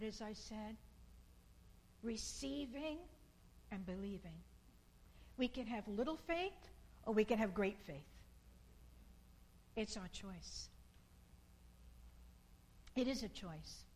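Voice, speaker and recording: A woman giving an informal sermon in a slow, earnest and repetitive way, with bursts of emphasis. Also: mid-range voice, darkish tone, slight background noise, low-quality recording.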